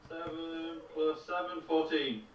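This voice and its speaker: A man playing a tabletop game, excitable and swearing freely as he acts. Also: a little high, slow, far from the mic, muffled recording. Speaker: player. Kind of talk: casual tabletop play. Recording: echoey room, a little off-mic, faint noise.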